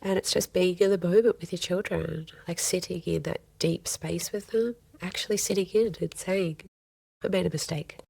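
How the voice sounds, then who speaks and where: A woman's voice: on the low side, moderate pace, gravelly, hardly any pauses, a little mellow, breathy edge, no room sound. A woman, a counselor speaking earnestly in a podcast interview and often voicing quoted speech. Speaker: family and child counselor, guest. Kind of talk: podcast interview, casual advice.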